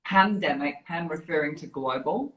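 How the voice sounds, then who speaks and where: A woman's voice: deep voice, normal speed, a little hiss or hum. A woman who is a fitness program director, chatting casually and animatedly on a live video call, laughing often. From New Zealand. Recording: roomy echo.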